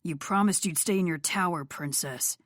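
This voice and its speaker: Cocky young rock star man, read by a woman, low and playful, dry studio sound. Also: normal speed, no echo, close to an everyday voice. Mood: teasing.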